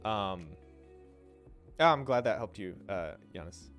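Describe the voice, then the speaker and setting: A man's voice: fairly low pitch, lively intonation, a bit bright, soft background music. Chatty man teaching pronunciation on stream. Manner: loose and chatty, trails off and restarts, demonstrates sounds slowly. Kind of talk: casual livestream lesson.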